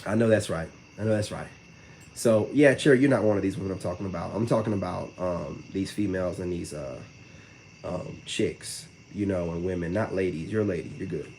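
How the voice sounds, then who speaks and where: A man's voice: deep voice, darkish tone, slight background noise. A man talking casually to his live viewers in a loose, rambling way, full of slang and repeated "you know what I'm saying". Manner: fast, loose slang-heavy speech. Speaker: vlogger talking to live chat. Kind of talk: casual live-stream talk.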